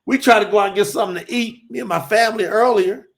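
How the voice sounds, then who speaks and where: A man preaching on a livestream, fiery and emphatic, rising to shouts, then chatting loosely with his viewers between points. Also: high voice, quick pace. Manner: addresses the audience as y'all, loose and conversational between points. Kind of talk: livestream sermon and chat with viewers.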